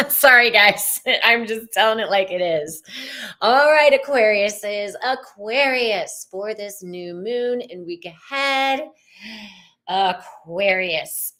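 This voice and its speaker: A woman's voice: on the high side, takes it slowly, fairly bright tone. A woman hosting a casual live tarot reading, chatty and rambling, greeting viewers by name.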